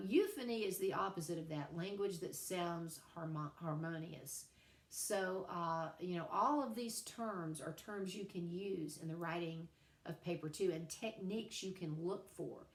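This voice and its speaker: Middle-aged woman teacher, low-pitched, chatty lecture with playful asides, echoey room. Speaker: writing teacher. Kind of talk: recorded class lecture.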